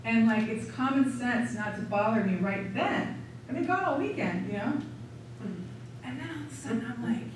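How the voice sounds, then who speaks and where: A woman seminar leader teaching through a chatty, animated personal story, acting out her inner thoughts. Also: fairly high pitch, normal speed. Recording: echoey room, distant mic, noisy.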